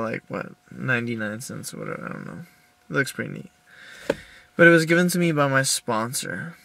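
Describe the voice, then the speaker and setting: Young guy ranting into a video diary in his car, kinda gravelly, keeps tripping over his words. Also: medium pitch, bright, forceful tone, slight background noise. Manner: halting, many restarts and fillers, upset. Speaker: video diarist. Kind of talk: personal video diary, venting.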